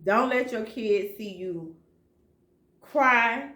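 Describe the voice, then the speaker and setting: A woman's voice: a little high, sharp tone, roomy sound. A woman telling her own life story as a single mother, speaking in a heartfelt, emotional way with speech. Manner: heartfelt, emotional, slow and plain-spoken. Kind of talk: personal storytelling vlog.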